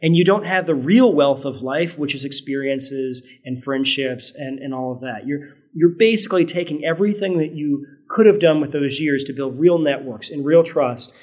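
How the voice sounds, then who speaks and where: A man's voice: a little high, normal speed, few pauses, a little mellow. Earnest middle-aged man, standard American accent. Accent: standard American, trace of Southern Virginia. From Virginia, US. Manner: earnest, reflective, many restarts and "right?". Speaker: guest. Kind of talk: conversational podcast interview.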